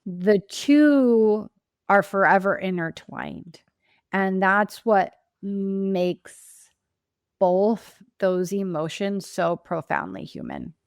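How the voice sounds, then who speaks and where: Guest spot: woman grief coach, impassioned and emphatic, mid-pitched, dry close sound. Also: very animated, very slow, clean tone, dry recording. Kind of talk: earnest interview answers.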